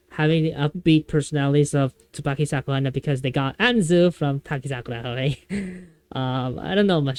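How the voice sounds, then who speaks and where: Young vtuber rambling on stream, lots of ums and restarts, smooth clear voice. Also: medium pitch, a little mellow. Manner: rambling, with many fillers and restarts. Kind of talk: casual livestream chat.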